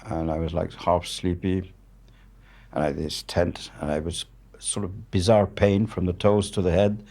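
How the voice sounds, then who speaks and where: This guest, a French war journalist in his seventies, has a deep, warm voice with little pitch movement and a moderate pace. He speaks English with a French accent, telling candid stories bluntly and matter-of-factly while swearing freely.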